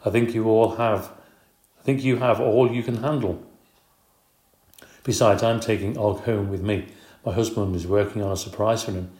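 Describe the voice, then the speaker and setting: A man reading the lines of a brisk, matter-of-fact woman schoolteacher in a storybook. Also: lowish voice, steady tone, darkish tone, roomy sound, close to an everyday voice.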